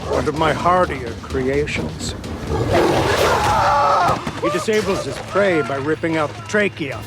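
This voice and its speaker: An actor playing a menacing, soft-spoken male deity who talks quietly and slowly, in a clip from a TV series. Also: on the high side, expressive, over loud music. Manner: quiet, slow, coolly menacing. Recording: TV series clip with loud background noise.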